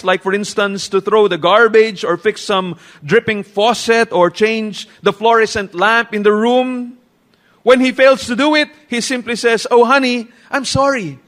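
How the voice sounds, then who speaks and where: A man's voice: high-pitched, a bit bright. A man with a Filipino accent preaching a sermon, mixing English and Tagalog and acting out quoted dialogue. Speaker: pastor.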